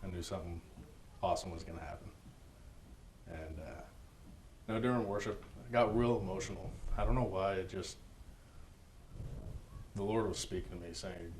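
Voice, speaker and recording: A man giving a personal church testimony, earnest and halting, with many fillers and restarts. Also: low voice, a little mellow, slight background noise, low-quality recording.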